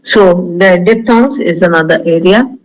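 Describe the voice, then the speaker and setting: Man, Indian English accent, lecturer tone, high voice, measured with many uh's. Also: slight background noise, rough recording. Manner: measured, slows to model words, frequent fillers. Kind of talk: online lecture on pronunciation.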